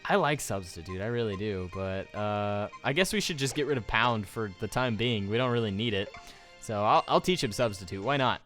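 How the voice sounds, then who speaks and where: This let's play features a young man casually talking over his gameplay, joking, rambling and reading game text out loud. He has a lowish voice with lively intonation, a normal speed and a fairly bright tone. Game music plays faintly in the background.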